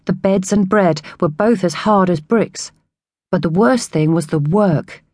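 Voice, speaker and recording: A woman reading an audiobook, voicing a gentle young orphan boy who talks in an earnest, confiding way. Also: lowish voice, unhurried, no echo, clean studio sound.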